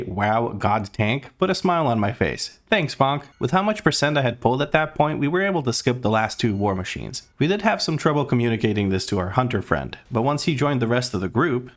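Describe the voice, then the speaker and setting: A young man from Europe who hosts a gaming channel, narrating his dungeon runs in a joking, self-deprecating voice-over. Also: mid-range voice. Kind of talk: game commentary voice-over.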